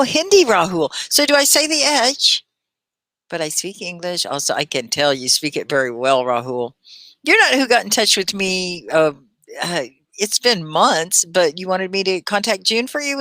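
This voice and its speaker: A woman teaching a live online English class, speaking with careful, clear diction and warm encouragement as she reads out her students' comments. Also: on the low side, no room sound. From Texas. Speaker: ESL teacher. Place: at home in central United States.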